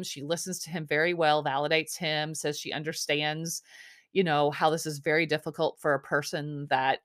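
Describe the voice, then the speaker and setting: A woman's voice: sits low, a bit bright. A woman hosting a podcast, recapping in a rambling, chatty way with lots of restarts and some swearing. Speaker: podcast host. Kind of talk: casual chat recap.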